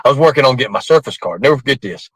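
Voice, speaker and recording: A man's voice: medium pitch, expressive, very fast, breathy edge, dry recording, poor audio. A man telling a rambling story casually, laughing often and cursing freely. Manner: rambling, laughing through the tale, coarse language.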